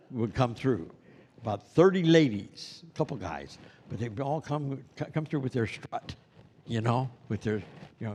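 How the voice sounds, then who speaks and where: Guy running a santa class, mid pitch, chatty, lots of you knows, asks the room stuff. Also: gravelly, a little mellow, slight background noise. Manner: conversational, loose, asks the class questions, many "you know"s. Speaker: Santa training instructor. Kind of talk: classroom lecture.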